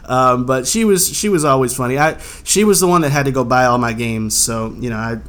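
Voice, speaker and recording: A man's voice: medium pitch, a little fast. A man hosting a podcast, telling stories in casual chat with frequent restarts. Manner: animated storyteller, restarts often. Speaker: podcast host.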